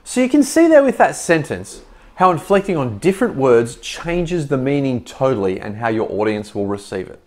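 A man's voice: medium pitch, big pitch swings, normal speed. A man explaining vocal inflection as a communication coach, stressing words to show how meaning shifts. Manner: demonstrates stress on words, varied emphasis. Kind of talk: instructional explanation.

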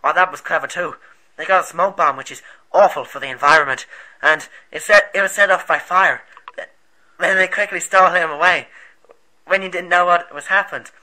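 A man's voice: sits high, normal speed, pushed and bright, poor audio. A man playing an earnest, rambling rebel leader. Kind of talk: amateur movie voice acting.

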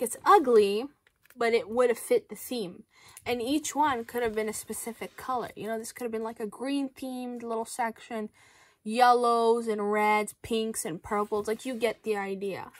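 A young Canadian beauty vlogger gives casual, playful commentary on new makeup releases, reacting in an animated, exaggerated way. Her voice is fairly high.

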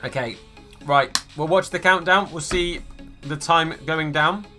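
A man's voice: a little high, measured pace, bright, forceful tone, soft background music. A man streaming a football video game, chatting casually with viewers and greeting them by name. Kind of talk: live gaming stream chat.

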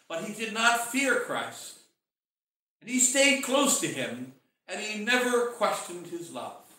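Bishop sermon: high, bright American man, impassioned and theatrical, echoing from a distance in a church. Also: very animated, takes it slowly. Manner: impassioned, acts out quoted voices, swings from loud to hushed. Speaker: bishop preaching. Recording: very echoey church, mic far off.

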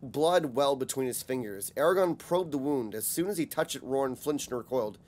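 A man narrating a fantasy audiobook in a measured, steady reading voice. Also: mid-range voice, a little hiss or hum.

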